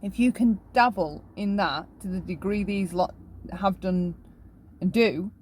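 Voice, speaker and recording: A woman's voice: medium pitch, unhurried, a little mellow, slight background noise. A woman hosting an opinion commentary, talking emphatically and often tagging her points with a question. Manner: emphatic, keeps asking "right?". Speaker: commentary channel host.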